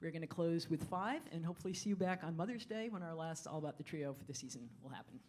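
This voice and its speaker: A woman speaks from a concert hall stage as a jazz bandleader, addressing the audience between pieces. Her talk is friendly but halting, dotted with fillers and restarts, picked up on a stage microphone. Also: deep voice, a little mellow.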